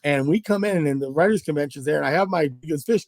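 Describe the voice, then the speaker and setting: A middle-aged guest angler from Southern California talks at a quick pace in a fairly high voice, telling fishing stories in a casual interview and animatedly acting out the dialogue. The recording is dry and clean, studio quality.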